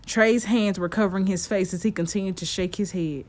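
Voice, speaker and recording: A woman narrating a story chapter in a steady storytelling manner. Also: medium pitch, moderate pace, hardly any pauses.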